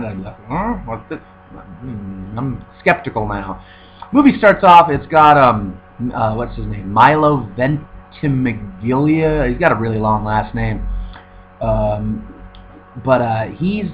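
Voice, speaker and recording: A man giving a sarcastic, profane, rambling review of a film in casual chat, full of fillers. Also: medium pitch. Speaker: movie reviewer. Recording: dull recording with faint hum.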